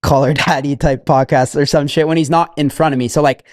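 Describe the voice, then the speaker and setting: A young man on a podcast, talking casually but haltingly, circling back and repeating himself. His voice sits a little high for a man and sounds dry, close to the mic. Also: fairly even intonation, no room sound. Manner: halting and repetitive, with many restarts. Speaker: podcast guest.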